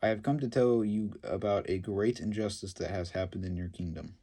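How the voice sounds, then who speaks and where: A man's voice: lowish voice, normal speed, dark tone. A man voicing a stern male prophet rebuking a king in a retold Bible story.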